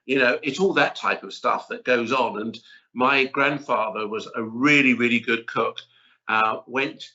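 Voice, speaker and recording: Middle-aged male chef guest, lively and chatty storyteller; bright tone over dull audio. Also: mid-range voice, unhurried. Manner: chatty, animated, rambling storyteller. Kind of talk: casual interview chat.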